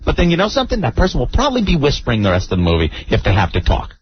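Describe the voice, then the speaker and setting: A male radio host telling a story in an animated, mock-dramatic way, on a muffled radio broadcast with faint hiss. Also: medium pitch, racing, slightly rough, no room sound. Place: radio studio.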